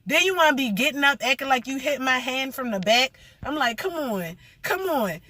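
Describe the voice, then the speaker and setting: A woman's voice: high voice, fairly quick, pushed and bright, no echo. A young woman rambling through a blunt, profane story in a casual vlog rant.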